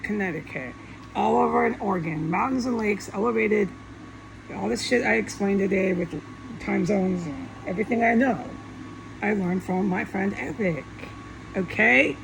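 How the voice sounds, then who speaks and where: Gravelly-voiced woman ranting agitatedly. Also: medium pitch, moderate pace, background noise. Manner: agitated, profane outbursts. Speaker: vlogger. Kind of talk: rambling monologue to camera.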